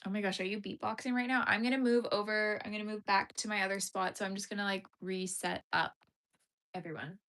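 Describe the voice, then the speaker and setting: A woman's voice: mid-range voice, steady tone, fast talker, fairly bright tone. A young woman hosting a casual crochet livestream, chatting with viewers, giggly and full of "like" fillers. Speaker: livestream host.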